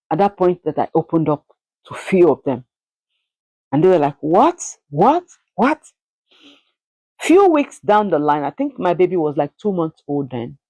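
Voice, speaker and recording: A woman vlogger telling a personal story in an emotional, halting way, often repeating words. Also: sits low, warm tone, no room sound, low-quality recording.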